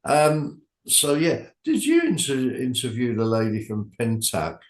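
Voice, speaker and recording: A man's voice: mid-range voice, huge pitch swings, measured pace. An older man chatting casually about UFO stories, rambling and trailing off into asides. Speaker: club organizer, guest. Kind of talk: casual chat. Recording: echoey room.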